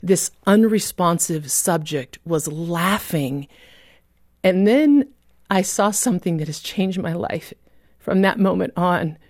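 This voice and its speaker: A woman guest author telling a moving story in a radio interview, vivid and heartfelt, dropping to a hush at key moments. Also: fairly low pitch, animated, slow pace, no echo, studio quality.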